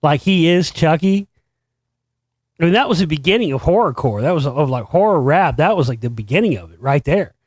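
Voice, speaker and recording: Casual male host, middle-aged, slightly high voice, profane and animated storyteller, dry close sound. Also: brisk, no echo. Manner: profane, animated, laughs while recounting. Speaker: podcast host.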